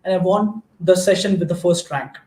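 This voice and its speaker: High-voiced Indian man, echoey motivational talk. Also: moderate pace, a little mellow. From Maharashtra, India. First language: Marathi. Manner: earnest, storytelling, frequent restarts. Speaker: guest speaker.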